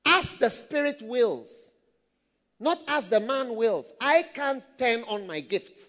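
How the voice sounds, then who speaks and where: A man preaching a sermon, telling stories with bursts of shouting and laughter. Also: very high-pitched, lively intonation, takes it slowly. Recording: long hall reverb.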